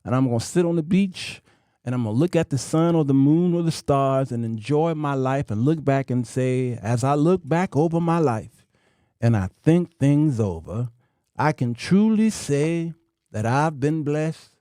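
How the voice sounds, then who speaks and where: A man's voice: medium pitch, animated, unhurried, mellow, clean tone, no echo, clean studio sound. A man in his fifties hosting his own show, talking in a folksy, preachy monologue that repeats itself. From United States. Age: 50s. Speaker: show host. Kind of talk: casual talk-show monologue.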